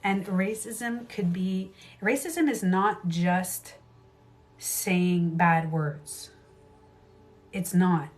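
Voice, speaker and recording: A woman's voice: on the low side, extremely slow, soft background music. Emphatic woman hosting a casual livestream. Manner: emphatic, repeats phrases, swears freely. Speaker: livestream host and beauty coach. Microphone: livestream camera mic.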